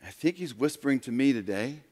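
A pastor preaching a sermon, swinging from quiet, low talk to loud, raised passages. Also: male voice, animated, brisk. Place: church sanctuary. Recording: long reverb of a large hall.

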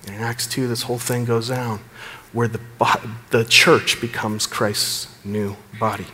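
A man preaching a sermon as pastor, earnest, building emphasis and dropping low at the ends of phrases. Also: flat delivery, a little slow, pushed and bright, in a large hall.

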